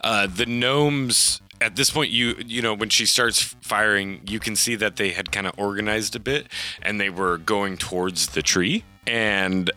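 A man's voice: fairly low pitch, a little slow, sharp tone. A man narrating a tabletop game as game master, loosely, with frequent fillers and laughs.

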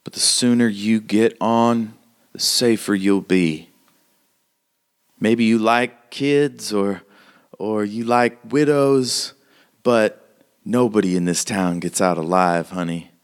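A man's voice: lowish voice, slow, smooth, voice pushed up. A man voicing a weary, blunt frontier townswoman who gives grim warnings. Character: weary hard-bitten woman Margot, frontier town local.

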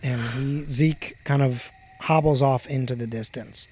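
A man's voice: medium pitch, steady tone, unhurried, a little mellow, slight background noise. A man narrating as game master of a tabletop game, full of hesitant ums and uhs.

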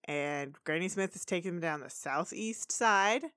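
A woman co-hosting a casual podcast, narrating a cartoon plot in a chatty way, with excited bursts. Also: fairly low pitch, measured pace, no room sound. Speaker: podcast co-host. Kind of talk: casual chat recapping a cartoon episode.

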